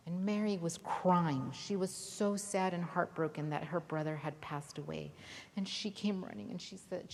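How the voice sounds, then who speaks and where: A woman telling a Bible story to children at a church holiday Bible school, lively and often asking the kids questions. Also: low voice, normal speed. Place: church hall. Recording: reverberant hall, faint noise.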